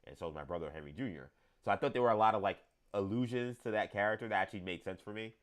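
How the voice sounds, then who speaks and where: A man's voice: on the low side, racing. A man in his thirties hosting a live show, talking casually, rambling with many fillers and restarts while reading the chat. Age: 30s. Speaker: show host.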